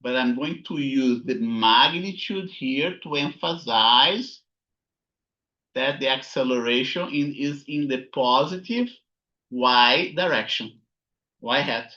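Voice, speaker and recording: A physics instructor speaks slowly in a sharp-toned, mid-range voice as he works through a recorded slide lecture, thinking aloud. He often checks in with "okay?" or "right?", and the audio is lo-fi.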